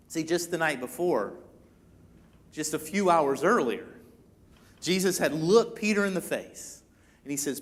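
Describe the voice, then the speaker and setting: A man with a high, light voice preaches a sermon in a church. He tells the story in a chatty way and jumps into animated voices for the people he quotes. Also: moderate pace, long pauses. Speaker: pastor.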